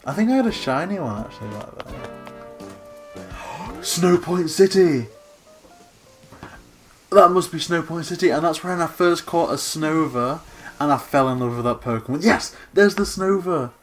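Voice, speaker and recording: A man's voice: fairly high pitch, lively intonation, brisk, faint music behind. Gushing man touring a game island. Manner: gushing, gasping, breathless exclamations. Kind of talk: excited gameplay commentary.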